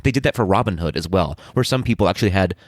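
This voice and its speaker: A man's voice: low-pitched, animated, rapid-fire, no room sound, clean studio sound. A man co-hosting a podcast, joking wryly and asking his co-host questions. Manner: wry, playful, asks questions. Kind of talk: casual podcast chat.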